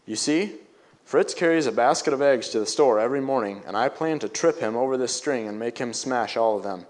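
A man voicing a hot-tempered young boy in a read-aloud story, with hurried, indignant outbursts. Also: medium pitch, natural voice. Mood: eager.

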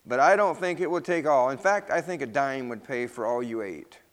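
A man voicing an old grandmother in a read-aloud story, gentle but firm. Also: medium pitch, moderate pace, in a large hall, lightly acted.

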